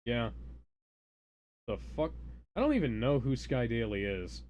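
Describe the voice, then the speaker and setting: Male podcast co-host, mid-pitched, rambling and hesitant, faint hiss. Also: sing-song, a little slow, darkish tone. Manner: rambling, hesitant, swears casually. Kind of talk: casual livestream chat.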